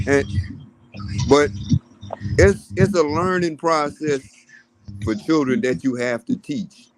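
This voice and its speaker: A man's voice: on the high side, slow, noisy background. A man in casual conversation, blunt and opinionated, swearing freely. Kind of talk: casual chat.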